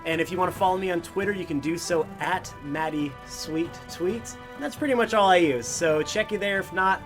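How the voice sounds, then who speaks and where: A man's voice: high-pitched, fairly quick, music in the background. A man and tabletop game player giving a chatty, joking show outro.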